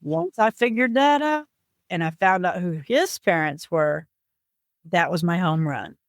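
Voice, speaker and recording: A woman guest on a podcast, earnestly retelling a personal family story and voicing the people in it with lively shifts. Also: on the low side, measured pace, dry recording, clean studio sound. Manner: earnest, animated retelling with lively voiced quotes.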